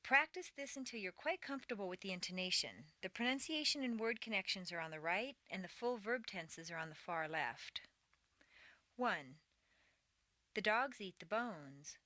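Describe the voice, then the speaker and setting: A woman reading a scripted English pronunciation lesson, with clear, deliberate speech and exaggerated intonation in the drills. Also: medium pitch, lively intonation, bright, forceful tone, no room sound. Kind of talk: scripted audio lesson narration.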